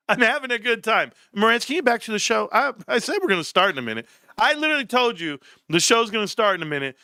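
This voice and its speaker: A man hosting a casual livestream, bantering with chat in an animated, profane way. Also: sits high, no echo, clean studio sound. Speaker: livestream host.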